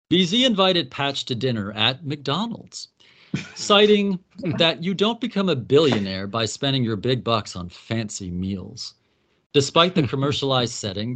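A man's voice: medium pitch, a bit bright. Man wryly recapping a plot.

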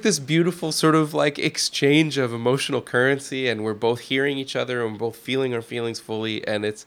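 A man's voice: medium pitch, steady tone, fairly quick, hardly any pauses, a bit bright, smooth. A man in his thirties, a musician guest, chatting reflectively in an interview, rambling with lots of fillers and restarts. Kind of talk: casual interview chat.

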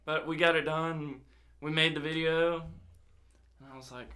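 A man's voice: on the high side, moderate pace. A young man casually telling a personal story, swearing often and acting out quoted dialogue. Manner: swears a lot, animated retelling with quoted dialogue.

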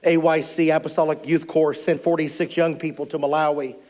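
A man's voice: on the high side, little pitch movement, fairly quick, darkish tone. A man preaching a sermon as a missionary, telling a story with mounting fervor. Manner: impassioned storytelling, rising to fervent preaching.

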